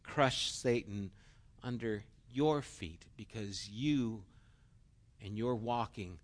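A man's voice: fairly low pitch, slow. A middle-aged man preaching a sermon in an earnest, storytelling way and acting out quotes.

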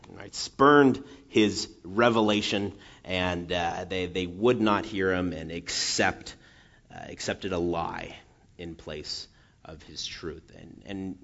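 A man preaching in a loose, conversational way, circling back with "right?" and stumbling through restarts. His voice sits fairly low, and the recording has a muffled, lo-fi dullness to it. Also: a bit bright. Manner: chatty and self-deprecating, many restarts and "right?" tags. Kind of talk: casual sermon. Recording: dull lo-fi sound.

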